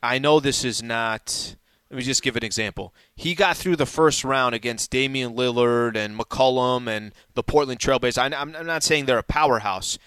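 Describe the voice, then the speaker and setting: A man hosting a sports talk show, arguing his points in animated casual talk. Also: medium pitch, no room sound. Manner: animated, argues basketball points. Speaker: host.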